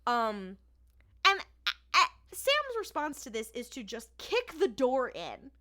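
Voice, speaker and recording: A woman co-hosting a podcast retells an episode in a casual chat, acting out the lines with animation. Her voice sits high, and she takes it slowly.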